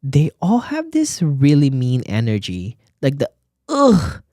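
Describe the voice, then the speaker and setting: A man who works as a nurse hosts his own podcast, chatting solo from a recording studio and gossiping straight to his listeners in a sassy way, calling them bestie and baby. His voice sits at medium pitch with huge swings, moves a little slowly, and sounds mellow on a dry recording.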